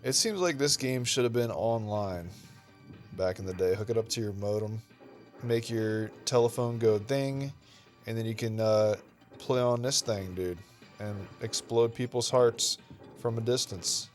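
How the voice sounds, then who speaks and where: A man's voice: on the low side, a little slow, faint music behind. A man hosting a retro gaming channel, giving casual, rambling gameplay commentary and saying "dude" and "okay" a lot. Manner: laid-back, rambling, says "dude" and "okay" often.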